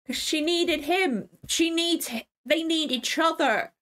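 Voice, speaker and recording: A woman hosting a reaction video, chatting casually, excitable, swearing freely and getting emotional. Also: very high voice, slow pace.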